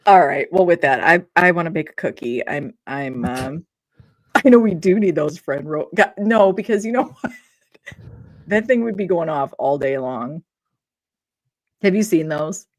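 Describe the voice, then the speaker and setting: Woman cohost, lowish voice, laughs a lot and rambles, chatty sign-off vibe. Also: lively intonation, unhurried, long pauses. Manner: giggly, rambling, restarts often. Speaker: podcast co-host. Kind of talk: casual chat.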